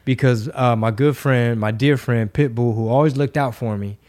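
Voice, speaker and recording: A man from Texas telling stories in a casual talk show, lively and swearing freely. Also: medium pitch, moderate pace. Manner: animated, swears freely, acts out quotes. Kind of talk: casual storytelling.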